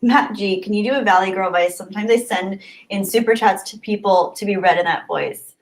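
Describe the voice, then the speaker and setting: A woman hosting her own livestream in a relaxed, chatty way. She reads viewer comments aloud one after another and answers each in easy conversational talk. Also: mid-range voice, fairly quick. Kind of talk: casual livestream chat reading comments.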